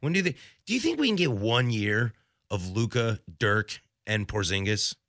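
Young guy hosting sports radio, bright voice, lots of ups and downs, jokey. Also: on the low side, moderate pace, no echo, clean studio sound. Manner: joking, animated, does silly voices. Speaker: radio sports show host. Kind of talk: casual sports talk.

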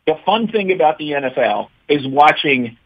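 A man phoning in as a regular analyst, making his case with emphasis and tripping over repeated words as he builds his point. His voice is husky and comes through dry and a bit muffled over the remote line. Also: on the high side, sing-song, moderate pace, no room sound. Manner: emphatic, repeats words when starting sentences. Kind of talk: phone-in sports analysis.

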